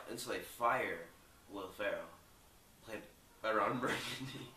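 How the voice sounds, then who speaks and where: A man's voice: lowish voice, a little slow, pauses often, sharp tone, roomy sound, recorded from a distance, low-quality recording. A young man loosely retelling a movie plot, rambling with lots of filler words. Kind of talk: rambling casual movie recap.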